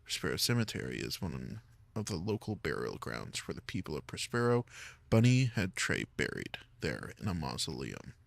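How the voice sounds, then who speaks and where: A man's voice: very deep voice, sing-song, moderate pace, creaky, no echo. A man streaming a game, reading its lore text aloud and joking about his own slips. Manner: reads in-game text aloud, stumbles and jokes at himself.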